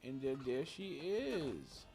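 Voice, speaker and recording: A man's voice: medium pitch, wildly swooping pitch, takes it slowly. Young male streamer, tired and profane, casual chat over game music. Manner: tired, swearing, talks to chat. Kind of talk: casual gaming commentary.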